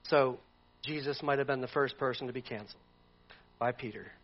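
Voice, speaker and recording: A male pastor preaching a sermon in an animated, conversational way, with jokey asides. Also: mid-range voice, fairly quick, dull audio.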